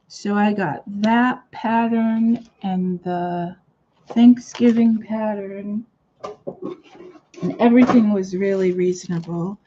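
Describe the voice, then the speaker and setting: Slow, chatty woman hosting a craft stream. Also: mid-range voice, mellow, dull audio. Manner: chatty, rambling, with many fillers. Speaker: crafting channel host. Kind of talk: casual live-stream chat.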